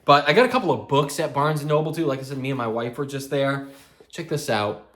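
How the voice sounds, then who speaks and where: A man's voice: mid-range voice, fast, a bit bright. A man talking in a loose, chatty vlog about metal and horror, laughing and swearing as he tells stories. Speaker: metal music vlogger. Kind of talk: casual rambling vlog.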